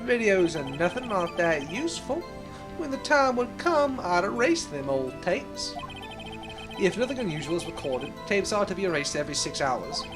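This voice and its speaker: A woman voicing a swaggering cowboy detective man, drawling folksy lines in a deliberately bad Texan accent. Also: lowish voice, very animated, music in the background. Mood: laid-back. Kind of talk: fan voice-acting of a game.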